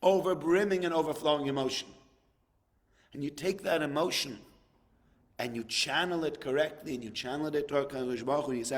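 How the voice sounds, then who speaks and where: A man's voice: fairly high pitch, a little fast. A man giving a sermon, telling a story and rising to impassioned emphasis. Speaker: rabbi giving a talk.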